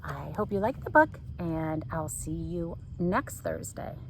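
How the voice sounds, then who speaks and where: A woman's voice: fairly low pitch, lively intonation, unhurried, darkish tone, slight background noise, low-quality recording. A woman teacher reading a picture book aloud to children, playfully mimicking the sound effects.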